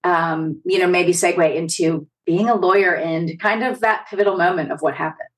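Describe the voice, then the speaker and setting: A woman's voice: lowish voice, moderate pace, recorded from a distance. A woman hosting a podcast interview, affirming her guest and asking questions with casual fillers. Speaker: podcast host.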